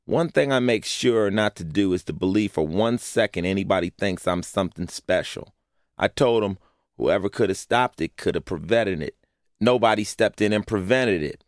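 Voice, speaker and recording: A man's voice: fairly low pitch, moderate pace, no room sound, studio quality. A man narrating a personal essay in a blunt, profane way, often asking rhetorical questions. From Los Angeles, USA.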